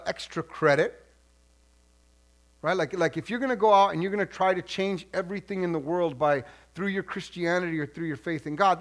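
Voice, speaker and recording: A male pastor gives a sermon in a high, bright voice. He talks to the congregation conversationally and animatedly, and he often repeats words as he restarts a phrase.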